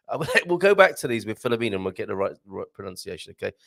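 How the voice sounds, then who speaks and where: A man's voice: mid-range voice, big pitch swings, gravelly. A man hosting a casual morning live stream from a home studio, chatting, reading viewer comments aloud and trying out Portuguese phrases. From Britain. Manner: chatty, rambling, chuckles often, reads comments aloud, tries Portuguese phrases slowly. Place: home studio with green screen.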